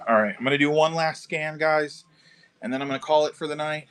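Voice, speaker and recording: This man's voice is slightly high and fast, with a faint hiss or hum on the audio. He's live streaming from a car shop garage, selling model kits and chatting easily with viewers. Casual swearing slips in, and he addresses people as dude and bro.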